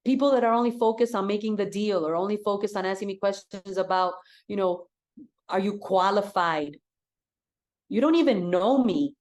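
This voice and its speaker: A woman's voice: medium pitch, fairly quick, hardly any pauses, darkish tone. A woman real estate coach giving an enthusiastic, direct talk and repeating her key points for emphasis.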